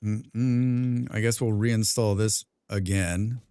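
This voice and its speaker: A young man streaming a game, chatting casually with his viewers, rambling and clearing his throat often. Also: fairly high pitch, animated, normal speed, dry recording, clean studio sound. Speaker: gaming livestreamer. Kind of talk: casual livestream chat while playing.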